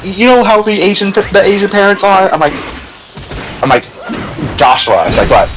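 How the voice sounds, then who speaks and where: A young man chatting casually as a stream host, laughing often and acting out what others said in high voices. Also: lively intonation, normal speed, long pauses, background noise. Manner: laughs a lot, acts out quotes in high voices. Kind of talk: casual chat.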